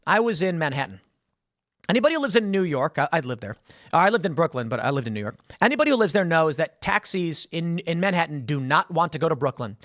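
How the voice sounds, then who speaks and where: A man's voice: on the high side, a bit bright, dry recording, studio quality. A man hosting solo political commentary in a conversational storytelling way, acting out quoted people as he goes.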